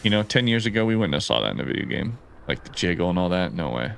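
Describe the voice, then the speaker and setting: Excitable male gaming streamer. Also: sits low, fast, gravelly, few pauses, a little hiss or hum. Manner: excitable and chatty, laughs often, reads chat aloud; swears casually, lots of "like". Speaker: gaming live-streamer and animator. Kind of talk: casual live-stream chat.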